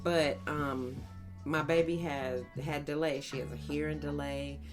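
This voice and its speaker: A woman's voice: a little slow, over music. A woman casually telling funny stories about her young children on a podcast, acting out their lines. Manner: animated storyteller who mimics her children in a high voice. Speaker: podcast co-host, sister. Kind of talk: casual family storytelling.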